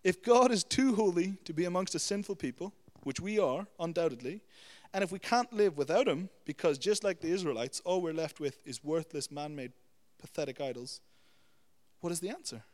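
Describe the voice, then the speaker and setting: A man's voice: fairly high pitch, moderate pace. Man preaching in a reverberant hall. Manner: animated storytelling with repeated "you know" and "okay?". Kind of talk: sermon.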